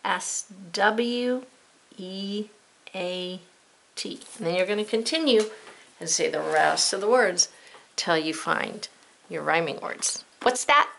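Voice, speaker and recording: A woman's voice: lowish voice, slow pace, gravelly, a bit bright. A woman teacher giving a patient, step-by-step spelling lesson, spelling words out letter by letter and checking in with young learners. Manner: addresses young learners directly with friendly checks.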